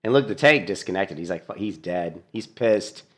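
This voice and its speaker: A man casually commentating on a gameplay clip, animated and mocking, laughing often. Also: low voice, moderate pace. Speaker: gaming streamer.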